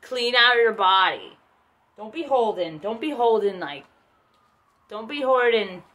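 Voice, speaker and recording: A woman giving a casual tarot reading in a bright, slightly high voice. She rambles and chats loosely, swearing freely as she goes. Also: lively intonation, unhurried. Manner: rambling, profane, chatty. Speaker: tarot reader.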